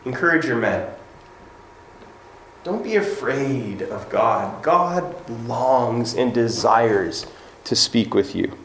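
Male pastor, mid-pitched, conversational sermon delivery, echoey room with faint background hum. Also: lively intonation, takes it slowly. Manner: conversational preaching, acts out quoted voices.

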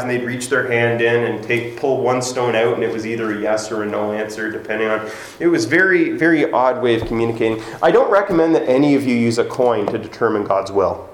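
A man's voice: medium pitch, slight background noise. A man giving a conversational sermon as pastor, now and then acting out quoted voices. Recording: echoey room with faint ambience.

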